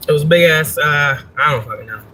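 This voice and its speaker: Bright, laughing, foul-mouthed woman vlogger. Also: low-pitched, normal speed, slight background noise, poor audio. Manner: profane, laughing, chatty storytelling. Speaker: spiritual reader and livestream host. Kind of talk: casual livestream chat.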